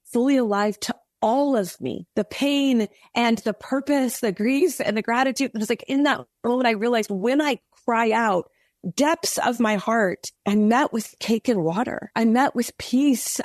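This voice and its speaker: Woman, earnest testimony, animated storytelling, dry close mic. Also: a little high, no echo. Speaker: podcast guest. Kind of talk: faith testimony in casual interview.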